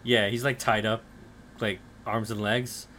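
A man's voice: lowish voice, level tone, unhurried, fairly bright tone, slight background noise. A man co-hosting a podcast, retelling anime episodes in loose casual chat full of fillers, swearing and acted-out character lines. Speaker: podcast co-host recapping anime.

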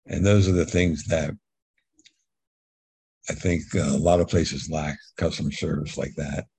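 A man's voice: rumbling low, fairly even intonation, unhurried, gravelly, mellow, slightly rough, no echo. A middle-aged man telling a long personal story in a casual interview, rambling and repeating words as he goes. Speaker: guest telling his life story.

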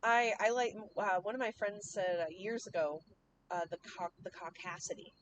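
A woman guesting on a podcast in casual chat, chatty and quick to laugh, often trailing off mid-sentence. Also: mid-range voice, highs cut off, a little hiss or hum.

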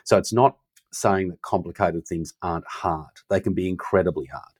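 A man's voice: deep voice, moderate pace, a little mellow, no echo. A middle-aged man, a leadership consultant telling stories conversationally and acting out quoted dialogue with animation. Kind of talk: conversational storytelling.

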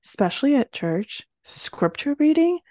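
A woman co-hosting a casual podcast chat, talking quickly and expressively and laughing often. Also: sits high, sing-song, warm tone, no room sound, studio quality. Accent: slight Latina accent at times. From Latina, grew up bilingual in Spanish and English. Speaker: podcast co-host.

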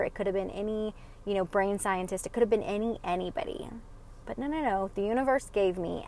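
A woman's voice: medium pitch, vocal fry. A woman telling viewers a rambling personal story in casual chat, with lots of fillers and restarts. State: emotional, choking up. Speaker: podcast listener sharing a story.

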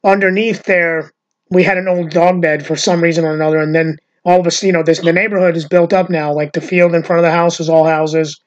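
Brief: fifties host from New York, loose rambling chat over a muffled call line. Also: male voice, a little high, flat delivery, fast. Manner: rambling, swears freely. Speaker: podcast host. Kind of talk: casual chat. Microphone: video call.

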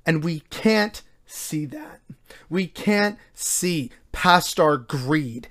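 A commentator from Canada, ranting angrily and sarcastically about the news with lots of swearing. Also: medium pitch. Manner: angry, sarcastic, heavily profane.

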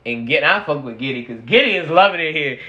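A man co-hosting a podcast, talking sports in a casual, slangy, excitable way with quick laughs. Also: on the high side. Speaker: podcast co-host. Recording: dull lo-fi sound.

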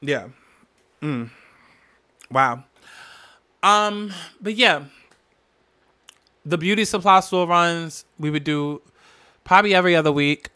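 A man hosting a solo podcast, telling family memories in a candid, emotional way with lots of profanity and animated bursts. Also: fairly high pitch, slow pace, pauses often, clean tone. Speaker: podcast host.

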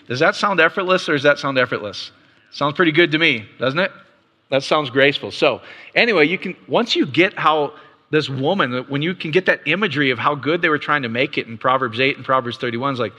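Bright-voiced male preacher in a hall. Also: mid-range voice, lively intonation. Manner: conversational preaching, quick asides and rhetorical questions. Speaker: pastor. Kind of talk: sermon. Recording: long reverb of a hall.

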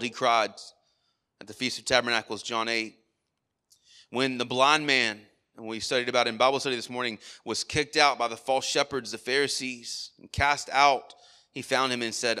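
A man's voice: medium pitch, fairly even intonation, normal speed, pushed and bright, clear, resonant tone. A man preaching a sermon at a church worship service, earnest, with frequent rhetorical asides. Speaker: pastor.

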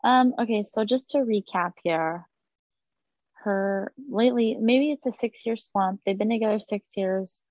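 A woman's voice: mid-range voice, measured pace, darkish tone, dry recording, muffled recording. Joking woman co-host, dry close sound. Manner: joking, playful banter. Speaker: podcast co-host. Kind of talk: casual chat.

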